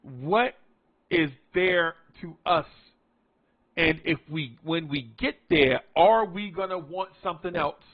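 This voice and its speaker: A man's voice: fairly high pitch, takes it slowly, dull audio. A man from the New area, chatting casually about his basketball team, repeating himself and stretching out key words for emphasis. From New York tri-state area. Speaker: sports fan vlogger. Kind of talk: casual sports commentary.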